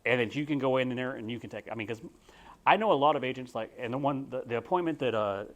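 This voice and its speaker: A man's voice: mid-range voice, fast talker. A young man with a Texan accent, a real estate agent teaching a class in a folksy, rambling way with frequent restarts. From Texas. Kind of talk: casual spoken class talk.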